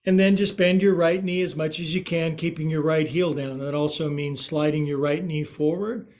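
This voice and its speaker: A man's voice: fairly high pitch, fairly even intonation, normal speed, darkish tone. A man teaching a guided yoga class, calling out poses, counting holds aloud and joking about words along the way. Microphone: livestream from his own space.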